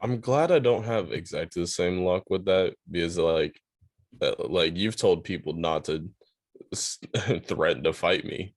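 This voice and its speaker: A man's voice: deep voice, a little slow, no echo, studio quality. A man co-hosting a podcast in casual chat, laughing often and chiming in with agreement. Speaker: podcast co-host.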